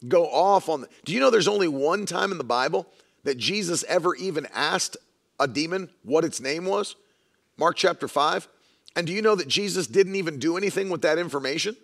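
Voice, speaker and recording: A man's voice: a little high, a little fast, fairly bright tone. A man preaching a sermon in an emphatic way, repeating lines for stress and mocking the views he argues against.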